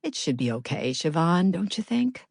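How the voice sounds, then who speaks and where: A woman's voice: on the low side, very animated, normal speed, vocal fry, a little mellow, no room sound, studio quality, exaggerated voice. A woman narrator voicing a fifty-five-year-old author who mutters to herself, fretful and self-critical.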